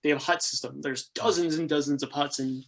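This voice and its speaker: A man's voice: fast talker, gravelly, a little hiss or hum. A man in his thirties, a podcast guest casually telling adventure travel stories, laughing often and acting out the people he quotes. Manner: animated, laughing, acts out quoted people with jumps in pitch. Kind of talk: casual storytelling interview.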